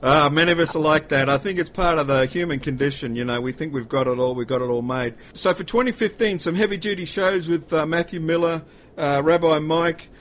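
A man hosting a casual chat show, agreeable and quick to chime in and ask questions. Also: on the high side, a bit bright. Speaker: host.

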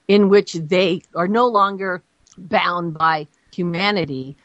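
Female radio guest with a lowish voice, earnest and explanatory, on dry, muffled audio. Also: slow pace, a bit bright, no room sound. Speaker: guest, Christian journalist. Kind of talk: radio interview.

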